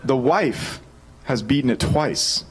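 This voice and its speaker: A man, preaching a sermon in a casual, animated storytelling way and acting out what people said. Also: medium pitch, takes it slowly, low-quality recording. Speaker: pastor.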